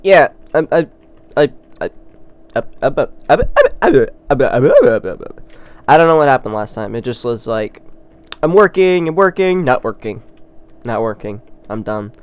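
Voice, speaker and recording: Talking to his viewers at a normal pace, a casual gaming host gives rambling let's play commentary that swings between excitement and poking fun at himself. His smooth, clear voice sits at a middling pitch, with no echo.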